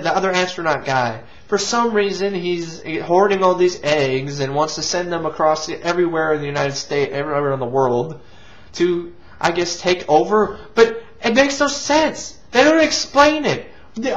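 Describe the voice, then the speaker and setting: Rambling man ranting about a movie. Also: high-pitched. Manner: rambling, restarts, swears casually. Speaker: movie reviewer and show host. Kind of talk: casual movie review rant. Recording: lo-fi, dull sound.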